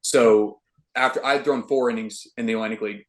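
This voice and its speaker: A young man speaking in a lowish voice, rattling through a personal story at a brisk clip. He is a ballplayer guest in a relaxed interview, loose and slangy, with plenty of "like" and "dude". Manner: animated, slangy, with "dude" and "like" fillers. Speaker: guest, professional baseball pitcher.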